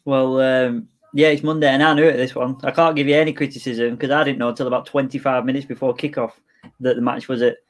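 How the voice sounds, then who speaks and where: A man's voice: mid-range voice, flat delivery, quick pace. A man, co-hosting a football podcast with laid-back chat and dry quips. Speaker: podcast co-host.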